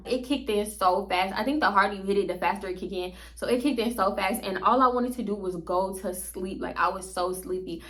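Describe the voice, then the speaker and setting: A woman telling a story to her viewers in a casual, slangy way, animated and laughing often. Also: mid-range voice, fairly quick.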